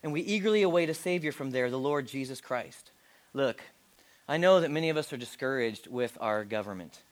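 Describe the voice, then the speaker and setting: A man in his forties, a pastor giving a sermon, talking directly and conversationally and often dropping to a hush. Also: mid-range voice, expressive, brisk. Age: 40s. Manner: direct, conversational preaching with dramatic drops to a hush.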